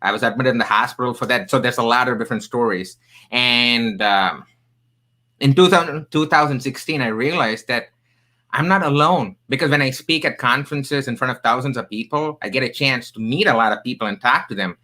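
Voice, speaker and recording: Bright-voiced man telling stories, accented. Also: medium pitch, fairly quick, rough recording. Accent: non-native English accent. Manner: animated, emphatic storyteller with jokey asides. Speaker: podcast guest, career coach. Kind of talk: storytelling in a casual interview.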